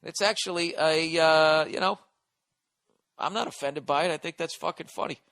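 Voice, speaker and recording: A man in his forties talks into a close, dry studio mic in a bright, forceful voice that sits a little high for a man. He rambles and swears his way through a comedic podcast monologue, reading listener letters aloud while on cold medicine. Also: normal speed, dry recording. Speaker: podcast host.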